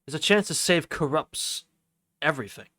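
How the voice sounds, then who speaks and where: Animated swearing male streamer. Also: on the high side, moderate pace, no echo. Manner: animated, swears freely, talks to chat. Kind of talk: casual gameplay commentary and reading aloud.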